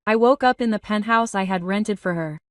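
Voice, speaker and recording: A despairing grown man confesses that he has lost everything, voiced by a woman narrating in her own voice. He speaks in a broken, pleading way at a middling pitch. The sound is dry and a little distant from the mic. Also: moderate pace, no echo, lightly acted. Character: grown son, ruined, desperate and remorseful man.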